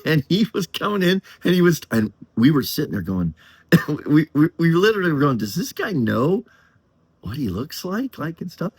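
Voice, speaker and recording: A man's voice: fairly high pitch, very animated, normal speed, husky, no echo. An older man from Colorado telling a rambling story to camera, chuckling and acting out drawled voices. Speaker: channel host.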